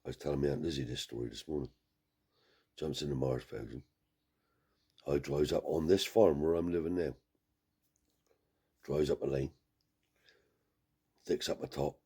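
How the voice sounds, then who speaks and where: A man's voice: a bass voice, steady tone, normal speed, long pauses, dark tone, husky. A man from Cornwall, telling a rambling yarn in casual dialect as a travelling scrap dealer. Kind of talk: casual storytelling.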